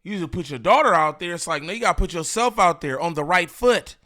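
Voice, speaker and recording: Bright high-pitched man ranting casually. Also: quick pace. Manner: animated, rambling, slangy and repetitive. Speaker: commentary channel host. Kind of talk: casual reaction commentary.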